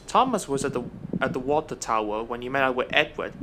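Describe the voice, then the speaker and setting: A man narrating a fan story in a slow, hesitant reading style with restarts. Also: mid-range voice, animated, background noise.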